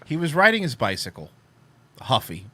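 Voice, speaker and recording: A man's voice: mid-range voice, huge pitch swings, moderate pace, bright, forceful tone, slightly rough. A man co-hosting a comedy podcast, teasing and doubting a story with jokes. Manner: teasing, disbelieving, joking. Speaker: podcast co-host. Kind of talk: comedic commentary on a clip.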